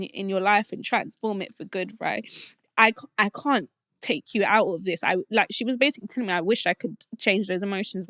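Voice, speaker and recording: A young adult woman telling a personal faith testimony in a heartfelt, halting way, often restarting her sentences, and getting emotional. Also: mid-range voice, a bit bright, dry recording, studio quality. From Colombian family roots. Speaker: podcast guest.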